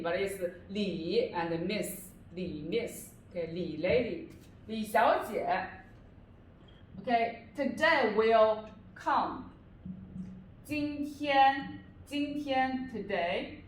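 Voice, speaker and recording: Slow, patient woman tutor in echoey room. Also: a little high, far from the mic, a little hiss or hum. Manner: patient, repeats each phrase several times. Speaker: language tutor. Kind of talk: classroom-style lesson. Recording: echoey room, voice away from mic.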